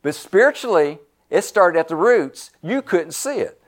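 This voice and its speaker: A man preaching a sermon, emphatic and repetitive, swinging between loud stresses and hushed asides. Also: high-pitched, animated, measured pace.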